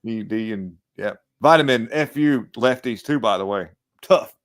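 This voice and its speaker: A man's voice: lowish voice, normal speed, dry recording, clean studio sound. A man hosting a casual political chat show, joking in a folksy way and often breaking into laughter. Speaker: show host.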